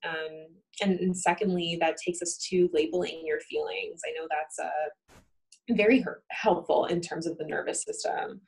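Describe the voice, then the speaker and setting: A woman's voice: sits low, steady tone, moderate pace, gravelly, a little mellow, rough recording. A woman therapist talking through coping with a colleague, thinking aloud and often checking in with "right?". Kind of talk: conversation about coping between colleagues.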